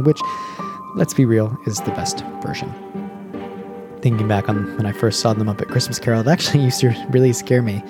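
A man with an American accent hosting a podcast in a playful, jokey way, full of puns. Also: medium pitch. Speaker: podcast host.

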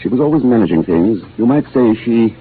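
An actor playing a hesitant, soft-spoken older botany professor with a quietly menacing edge, in a 1940s radio drama on a tinny broadcast. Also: male voice, medium pitch, animated, brisk, breathy edge. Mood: wistful. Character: mild older botany professor, henpecked and sinister. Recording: tinny lo-fi old radio broadcast, faint hiss.

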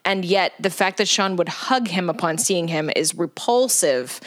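A woman's voice: lowish voice, animated, moderate pace, no echo. Dry, sardonic woman, close dry sound. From living in Los Angeles. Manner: recapping plot with dry, sardonic asides. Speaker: podcast co-host. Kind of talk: casual chat.

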